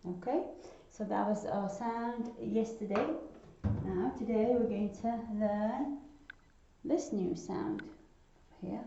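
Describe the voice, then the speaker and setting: Slow, patient woman teaching phonics. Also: mid-range voice, vocal fry, dark tone, slight background noise. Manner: slow, patient, repeats sounds for children. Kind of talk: phonics lesson for young children. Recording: echoey room, dull lo-fi sound.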